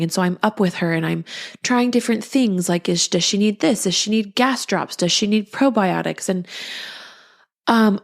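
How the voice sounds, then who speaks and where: A woman's voice: mid-range voice, vocal fry. A sleep-deprived woman in her thirties hosting a podcast in casual chat, rambling with restarts and frequent laughs. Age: 30s. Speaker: podcast host.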